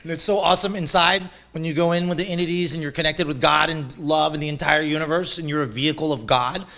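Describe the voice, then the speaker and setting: Brief: excitable male guest, fairly high voice, laughs and swears as he talks. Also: fast. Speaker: shaman guest. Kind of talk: animated storytelling interview.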